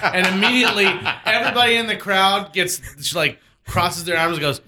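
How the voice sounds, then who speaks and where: A man hosting a casual podcast, halting and self-deprecating. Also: high-pitched, noisy background. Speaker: podcast host.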